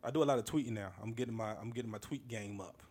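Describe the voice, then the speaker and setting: A man's voice: mid-range voice, rapid-fire, darkish tone, husky. A man hosting a podcast, talking casually and joking as he comments on a video he plays. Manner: laid-back, chatty, amused asides. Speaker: podcast host.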